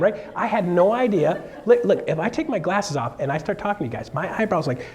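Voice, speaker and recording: A man coaching real estate agents in a live seminar, animated and joking, often checking in with the room with quick questions. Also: high-pitched.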